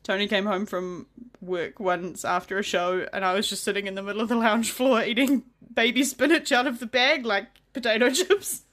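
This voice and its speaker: A woman co-hosting a podcast in casual chat, telling lively stories with frequent laughter and swearing. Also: medium pitch, normal speed, hardly any pauses. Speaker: podcast co-host.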